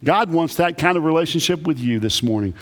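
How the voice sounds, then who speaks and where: A man who is a Baptist pastor, preaching a sermon with emphatic, animated delivery and lots of repetition. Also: on the high side, a little fast. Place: church sanctuary. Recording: echoey church hall.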